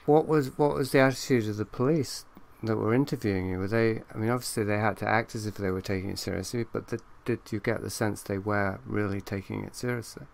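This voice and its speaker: A man's voice: on the low side, steady tone, quick pace, vocal fry, few pauses. A man hosting an interview, asking inquisitive, probing questions. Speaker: podcast host. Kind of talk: casual conversation.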